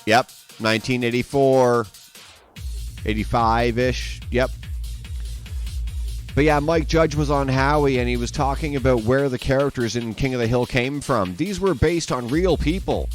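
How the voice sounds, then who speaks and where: A man hosting a livestream in casual, rambling chat, swearing freely and getting excitable. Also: mid-range voice, measured pace, faint music behind. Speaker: streamer host.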